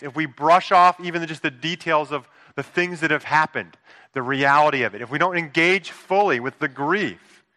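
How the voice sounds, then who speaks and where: A man's voice: on the high side, pushed and bright. A man in his thirties preaching a sermon, earnest and conversational, with frequent rhetorical asides to the congregation. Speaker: pastor.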